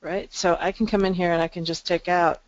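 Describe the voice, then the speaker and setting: A woman's voice: on the low side, level tone, a little fast, no echo. Webinar presenter woman, explainy demo tone, dry muffled call audio. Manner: explanatory, frequent ums and restarts. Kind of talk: screen-share software demo.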